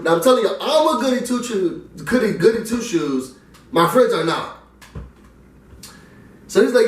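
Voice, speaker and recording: Here a young vlogger from New York, his voice high, narrates at a moderate pace with long pauses. He performs the voices of the people in his story with animated, casual energy. The mic sits far off in a roomy space.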